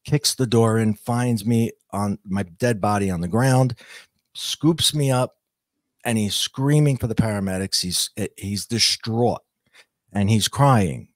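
A man's voice: on the low side, no echo, clean studio sound. A man telling his own near-death story as a podcast guest, earnest and reflective, stopping and restarting as he searches for words. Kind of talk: personal storytelling.

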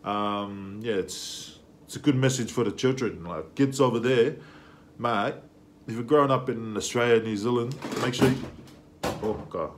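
A man's voice: medium pitch, moderate pace, background noise. A young man hosting a music reaction video, talking casually and with enthusiasm, full of slang and fillers.

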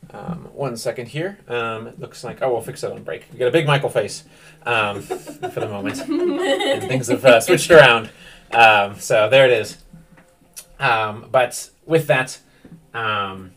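A man runs a streamed tabletop game as game master. He rambles and fills gaps with ums, at an ordinary middle pitch. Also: sing-song, a little slow, fairly bright tone, recorded from a distance. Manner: rambling, many fillers.

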